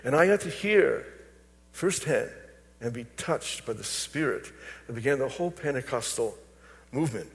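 A man's voice: medium pitch, animated, moderate pace. An older man, a pastor, preaching a sermon and telling personal stories to his congregation. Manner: storytelling, personal anecdotes. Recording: long reverb of a large hall.

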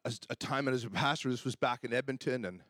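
A middle-aged man preaching a sermon as pastor, telling personal stories and acting out the dialogue with lively energy. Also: mid-range voice, fast, dry recording, clean studio sound. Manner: animated storyteller who acts out dialogue.

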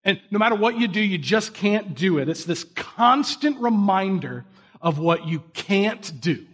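A man with a high-pitched, husky voice preaches a little slowly. His sermon is relaxed and conversational, built on self-mocking stories and direct questions to the audience.

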